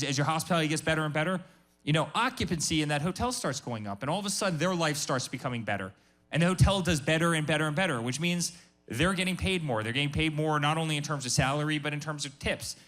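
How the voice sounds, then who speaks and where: Man, 40s, fairly high voice, emphatic, repetitive, live business talk. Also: a bit bright. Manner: emphatic, repetitive, restarts often. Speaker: guest speaker.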